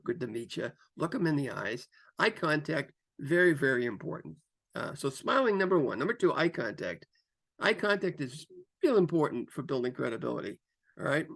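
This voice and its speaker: A man giving career coaching advice to camera, varying his pace and tone for emphasis and often repeating himself with fillers. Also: gravelly. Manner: lively, shifts pace and pitch for emphasis; repeats phrases, frequent fillers. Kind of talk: instructional talk to camera.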